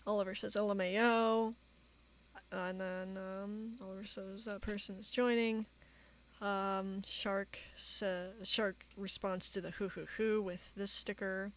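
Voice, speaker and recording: Woman streamer reading chat logs. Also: medium pitch. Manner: halting, many fillers, reads quotes flatly. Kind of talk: casual commentary reading chat logs aloud.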